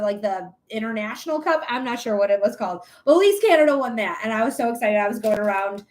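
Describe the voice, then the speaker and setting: Young woman, high voice, live-stream psychic host, loose and profane, quick to laugh. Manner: chatty, swears freely, laughs often. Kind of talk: casual live-stream chat.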